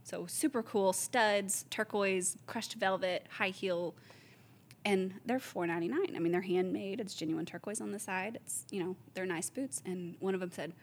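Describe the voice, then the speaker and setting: A woman, a store owner casually telling lively stories, acting out the voices of the people she quotes. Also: mid-range voice, normal speed. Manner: animated storyteller, acts out quoted voices, laughs often. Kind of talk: casual chat.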